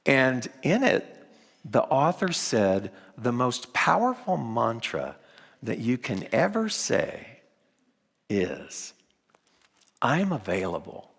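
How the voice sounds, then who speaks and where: A middle-aged man preaching a storytelling sermon, with dramatic pauses and hushed moments. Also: mid-range voice, wildly swooping pitch, vocal fry, slightly rough. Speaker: minister. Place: large church sanctuary. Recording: long hall reverb.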